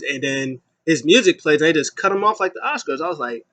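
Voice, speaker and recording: A man giving a casual solo review of a wrestling show, rambling with many ums and getting loud when he mimics an announcer. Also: a little high, lively intonation, quick pace, few pauses, dull audio.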